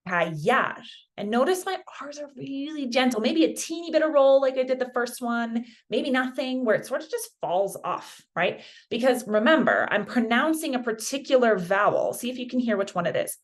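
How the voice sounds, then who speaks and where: Woman, Spanish teacher, relaxed and encouraging, slows down to model each word. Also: high voice. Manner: casual and encouraging, models words slowly. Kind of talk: friendly pronunciation lesson.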